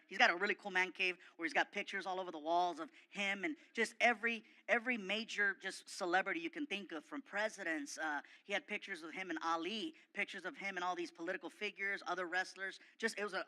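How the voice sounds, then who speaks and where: A man telling a comic story as a guest comedian, animated, excitable and self-mocking. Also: high voice, fast talker, few pauses.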